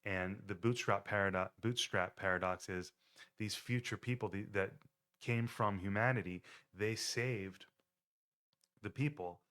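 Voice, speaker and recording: A man's voice: lowish voice, a little slow, fairly bright tone. A man hosting his own podcast, retelling a film plot in a rambling, self-correcting way. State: choked up, near tears; tired. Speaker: podcast host. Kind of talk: casual film recap monologue.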